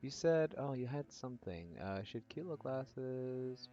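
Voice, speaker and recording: Chatting loosely with viewers while he streams a game, this man rambles, laughs, and uses lots of fillers. His voice is medium in pitch, dark, and expressive at a normal speed, heard through dull lo-fi audio with faint background music.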